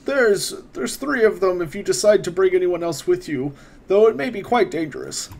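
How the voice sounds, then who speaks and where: A man's voice: high voice, expressive, moderate pace, vocal fry, darkish tone, pitched above the performer's own voice, exaggerated voice. A man doing a courtly old wizard. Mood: courteous. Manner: formal, old-fashioned phrasing. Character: scholarly older male wizard, courteous and grave.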